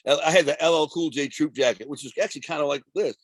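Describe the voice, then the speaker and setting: A man of around fifty from Detroit, telling rough street stories as a podcast guest in a streetwise, profane, rambling way. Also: on the high side, quick pace, no room sound. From Detroit, USA. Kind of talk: casual storytelling interview.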